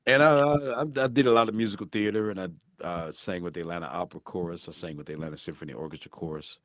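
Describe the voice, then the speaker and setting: A middle-aged man from St. Louis with a deep voice, telling animated stories as a guest voice actor in a casual interview. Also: quick pace, dry recording, studio quality. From St. Louis, USA. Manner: animated, acts out voices in anecdotes.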